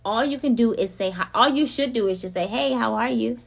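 A woman hosting a casual spiritual talk, animated and laughing often as she speaks straight to her listeners. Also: fairly high pitch, a little fast, gravelly, slightly rough. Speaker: podcast host.

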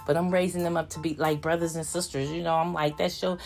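An older woman talks in a loose, rambling way, often slipping into little acted-out voices. Her voice sits on the low side, and faint music plays behind her. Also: little pitch movement, fast talker, vocal fry, darkish tone. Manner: chatty, rambling, acts out voices of family. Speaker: vlogger. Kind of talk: casual chat.

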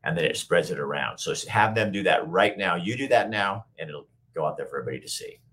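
A man hosting a live talk show, chatting casually and rambling, with a slightly hoarse voice and plenty of fillers and restarts. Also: low-pitched, expressive, fast talker, over music. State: a bit hoarse.

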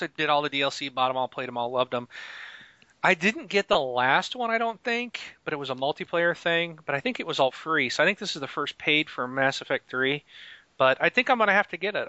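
A man's voice: on the high side, pushed and bright, clear, resonant tone, no echo. A man hosting a casual gaming podcast, chatty and laughing often. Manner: chatty and laughing, with frequent fillers. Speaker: podcast host. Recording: dry, slightly muffled home mic.

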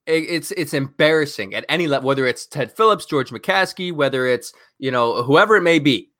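A man co-hosting a sports podcast, ranting in an animated, exasperated way and firing off rhetorical questions. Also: a little high, a little fast, no room sound, studio quality. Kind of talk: heated sports talk.

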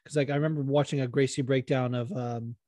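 A man in casual podcast chat about fights, talking in a profane, fast-running way with frequent restarts. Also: medium pitch, steady tone, dark tone, no echo, studio quality.

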